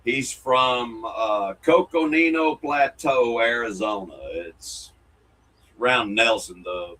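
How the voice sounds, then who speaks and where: A man's voice: medium pitch, slow, pushed and bright, a little hiss or hum, poor audio. A man, co-hosting a casual podcast and reading fan mail in a folksy, jokey way. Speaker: co-host.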